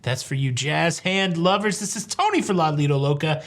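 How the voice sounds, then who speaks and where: A man's voice: on the high side, lively intonation, normal speed, fairly bright tone. A middle-aged man hosting a cruise news show, talking casually with wry, sarcastic jokes and rambling asides. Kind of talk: casual comedic commentary.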